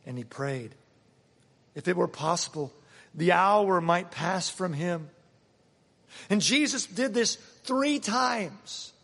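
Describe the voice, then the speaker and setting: A man preaching a sermon and reading scripture aloud, emphatic, swinging between loud passages and hushed ones. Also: high-pitched, animated, slow pace, creaky, pauses often. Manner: dramatic reading of scripture quotes. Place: church. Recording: long reverb of a church hall.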